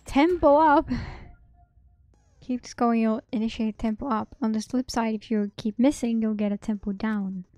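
Young woman, game streamer, excitable, swears, high voice, faint music behind. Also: normal speed, dry recording. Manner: excitable, swearing, laughing asides. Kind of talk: live game playthrough, reading game text.

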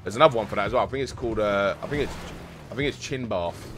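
Deep-ish man chatting with stream. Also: fast, fairly bright tone, soft background music. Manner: chatty, joking with chat, uses slang. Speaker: game streamer. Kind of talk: casual live-stream chat.

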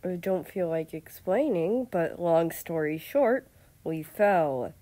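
A woman voicing a hot-tempered, jealous young prince who talks in a snappish, sarcastic way, pitched higher than her own voice. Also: sing-song, fast talker, a little mellow. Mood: annoyed.

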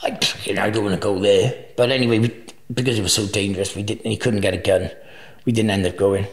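Gravelly bloke rambling thru crazy travel stories, swears a lot, keeps laughing, echoey room. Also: male voice, lowish voice, steady tone, fast. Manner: laughs often, swears freely, rambling anecdotes. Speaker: podcast guest. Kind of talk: casual storytelling interview. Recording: roomy echo.

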